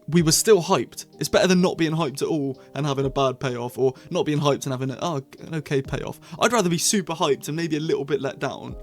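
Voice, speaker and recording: A young man reviewing a TV series to camera in a chatty, rambling way with bursts of excitement. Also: a little high. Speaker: TV show reviewer. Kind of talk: casual scripted review to camera.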